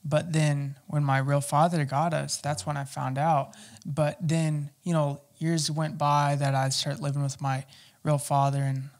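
Halting man telling his life story. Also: fairly high pitch, little pitch movement. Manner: halting, rambling, many fillers and restarts. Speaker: guest. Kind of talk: personal testimony in casual interview.

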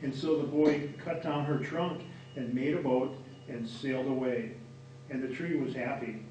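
Male reader, steady story narration, caught from afar in a reverberant room. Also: mid-range voice, normal speed, a little hiss or hum. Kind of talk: storybook narration read aloud. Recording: echoey room from far off.

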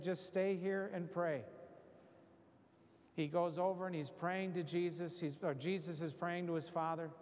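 A man giving a parish retreat talk, leading his listeners through an imagined scene with lively storytelling. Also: fairly high pitch, big-room sound. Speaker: retreat speaker. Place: church.

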